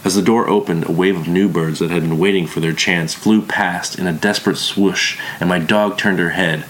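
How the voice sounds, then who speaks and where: Low-voiced guy reading a story out loud, calm, faint hiss behind. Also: normal speed. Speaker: narrator. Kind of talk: first-person story reading.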